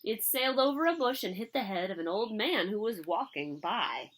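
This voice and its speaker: A woman reading a picture book aloud to children in an expressive, animated way. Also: mid-range voice, moderate pace. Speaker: story reader.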